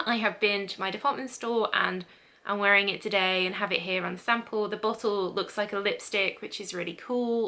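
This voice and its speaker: A woman's voice: mid-range voice, sharp tone. A young woman chatting casually through a perfume review, describing scents with frequent ums. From England. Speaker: beauty vlogger.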